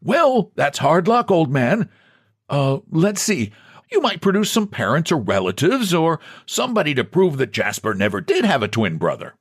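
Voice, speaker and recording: A smooth bank president talks down with easy condescension, as a man puts him on. His voice bounces, lively and a little raised. The sound is dry and close. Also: a little high, moderate pace, no room sound, voice pushed up, full character voice. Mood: patronizing. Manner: breezy, patronizing.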